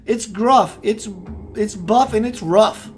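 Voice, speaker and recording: A man hosting a spiritual radio show, preaching with playful rhymes and sudden swings between loud and hushed. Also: sits high, slow pace, slight background noise. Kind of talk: impassioned spiritual talk.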